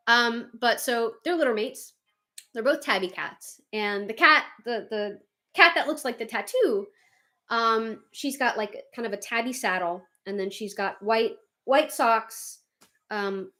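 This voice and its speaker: Her fairly high voice carries through a casual livestream as she reads viewer comments aloud. The host is lively and quick to break into laughter.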